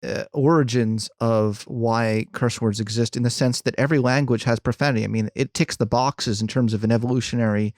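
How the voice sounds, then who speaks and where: A man's voice: medium pitch, steady tone, brisk, hardly any pauses, darkish tone, no echo, clean studio sound. Hesitant male podcast host. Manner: hesitant, with many fillers and laughs. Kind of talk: casual interview chat.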